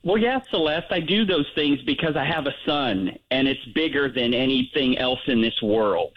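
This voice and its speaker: A man's voice: medium pitch, moderate pace. A man calling into a radio show, answering defensively about his family. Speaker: caller. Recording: muffled phone line.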